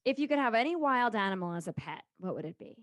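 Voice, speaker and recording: A woman's voice: on the high side, big pitch swings, fast. A woman co-hosting a casual podcast, enthusiastic with short reactions. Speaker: podcast co-host. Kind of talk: casual chat.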